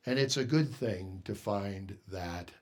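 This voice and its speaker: A man preaching a sermon, emphatic, asking the congregation rhetorical questions and swinging between hushed and loud delivery. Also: on the low side, slow.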